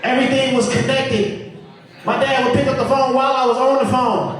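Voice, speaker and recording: A man's voice: extremely high pitch, a little fast. A man performing a stand-up comedy set, telling stories with animation and acting out his family. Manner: animated storytelling, acts out family members. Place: comedy club stage. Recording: very echoey live room, distant mic, audience noise.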